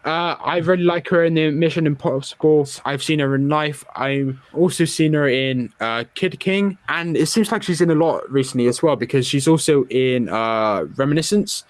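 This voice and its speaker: A man's voice: a little high, normal speed, hardly any pauses, no room sound. A young man hosting a casual film review podcast, opinionated and chatty. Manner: opinionated, chatty with filler words. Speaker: podcast host.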